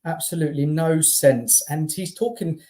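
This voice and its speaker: A guest talks football on a fan stream in a warm, dark tone. The delivery is exasperated and emphatic, with stammered restarts. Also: medium pitch, moderate pace. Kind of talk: casual football chat.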